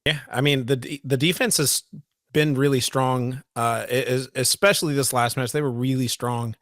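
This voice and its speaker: A man's voice: medium pitch, steady tone, normal speed, a bit bright, no echo, studio quality. A man co-hosting a casual sports podcast, talking with enthusiasm and often restarting and repeating his words. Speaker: podcast co-host.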